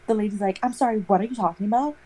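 A young woman in casual chat, telling a rambling, animated story full of "like". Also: medium pitch, rapid-fire, rough recording.

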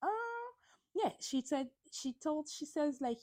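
A woman's voice: high voice, very animated, slow, a little mellow. A woman hosting a casual solo podcast, chatty and gossipy, swearing and acting out quotes in mocking voices. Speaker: podcast host.

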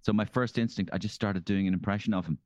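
An Irish man as a comedian guest, telling animated stories in a casual chat and slipping into impressions. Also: lowish voice, fast talker, no room sound, lo-fi sound. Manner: animated storyteller, slips into impressions.

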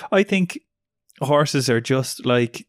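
Man, young adult, co-host, teasing casual chat, mid pitch, dry mic. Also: lively intonation, slow pace, no echo. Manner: teasing, asks lots of questions, swears casually. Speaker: podcast co-host.

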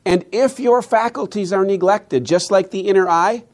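A man giving a lecture on classical education with animated, preacher-like delivery, asking the audience many rhetorical questions. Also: high voice, moderate pace.

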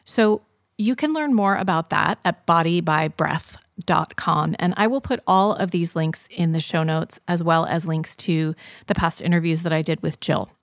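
A woman's voice: on the low side, dry recording, clean studio sound. A woman hosting a podcast interview, effusive and enthusiastic with her guest. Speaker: podcast host.

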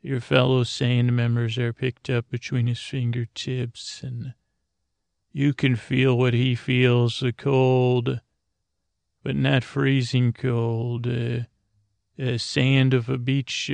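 A man hosting a podcast, telling a rambling bedtime story in a meandering, stumbling, deliberately dull way. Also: mid-range voice, flat delivery, vocal fry, dry recording. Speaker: podcast host.

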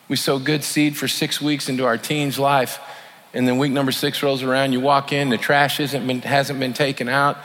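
A man's voice: mid-range voice, steady tone, moderate pace, a bit bright. A man preaching a sermon in a folksy, conversational way, acting out heartfelt apologies as examples. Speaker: pastor. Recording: long hall reverb, faint room noise.

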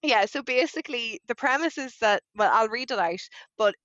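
A woman chatting casually as a book podcast co-host, animated and quick to laugh. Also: on the high side, dry recording, muffled recording.

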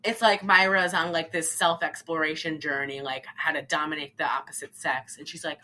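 Bright, animated woman retelling a film. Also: sits low, brisk, few pauses. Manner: animated, acts out lines in funny voices, laughs often. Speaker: podcast co-host recapping a film. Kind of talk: casual chat.

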